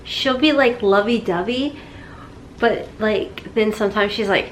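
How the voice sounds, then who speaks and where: A woman's voice: on the high side, slow, a little hiss or hum. A woman beauty vlogger chatting casually through an unboxing, gushing over products. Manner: chatty, gushing, talks to her cat in baby talk.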